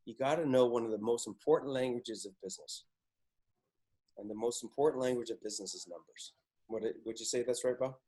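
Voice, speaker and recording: A man hosting a podcast, telling stories in a casual, excitable way and swearing freely. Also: medium pitch, a little fast. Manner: excitable, swears a lot, animated. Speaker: podcast host. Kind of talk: casual chat, storytelling.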